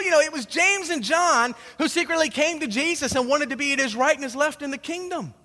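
A man's voice: very high voice, brisk, few pauses, bright, forceful tone, big-room sound. A male pastor preaching a sermon in a loose, conversational way, repeating words as he restarts and acting out the people in his story. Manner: acts out quoted speakers in dialogue.

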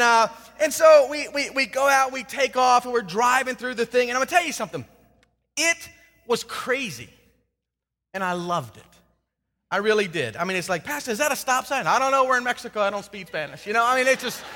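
A man preaching a sermon, telling a personal story in an animated, emphatic way. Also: very high voice, long reverb tail. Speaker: pastor.

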